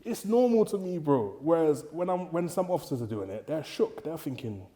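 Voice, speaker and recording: A man's voice: a little high, sing-song, normal speed, dark tone. A young man with a Bristol accent, telling stories in a casual chat in street slang and acting out the people he quotes. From England. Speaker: podcast guest, prison officer.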